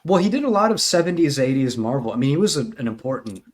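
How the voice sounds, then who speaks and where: A man co-hosting a casual podcast chat and steering the talk with a wry tone. His pitch rises and falls in a lively way. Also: fast, a crowd in the background. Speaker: podcast co-host.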